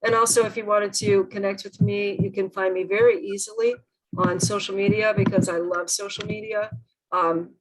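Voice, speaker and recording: A woman's voice: mid-range voice, little pitch movement, moderate pace, slight background noise, poor audio. A woman presenting an online workshop over a video call, earnest and emphatic, often asking the group questions.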